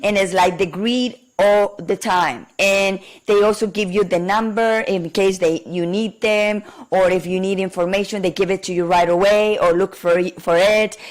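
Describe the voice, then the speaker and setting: A hoarse woman with a Colombian Spanish accent, a native Spanish speaker, talking as a podcast guest in heartfelt, emotional conversation. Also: medium pitch, steady tone, normal speed, hardly any pauses. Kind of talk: casual conversation.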